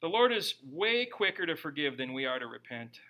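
Bright, high-voiced male pastor preaching. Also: very animated, moderate pace. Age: young adult or middle-aged, a parent. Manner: conversational, jokey preaching with acted-out quotes. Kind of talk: sermon.

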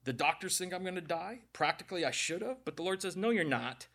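A middle-aged male preacher with a somewhat high voice gives a conversational sermon. He tells stories, cracks jokes and talks straight to people in the pews. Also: lively intonation, a little fast, creaky, a bit bright. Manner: jokey storytelling, addresses the congregation directly.

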